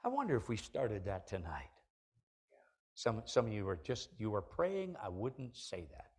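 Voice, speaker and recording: A middle-aged man preaching a sermon from the pulpit of a church, animated and building to loud, emphatic peaks. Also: on the low side, normal speed, breathy edge. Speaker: pastor. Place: church sanctuary.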